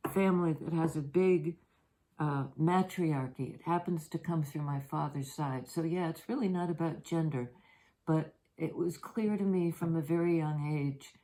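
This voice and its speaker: An older woman and grandmother giving a tarot reading, talking in a soft, meandering, personal way with many fillers. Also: deep voice, rough recording. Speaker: tarot reader. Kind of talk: reflective spoken reading. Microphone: handheld or propped camera.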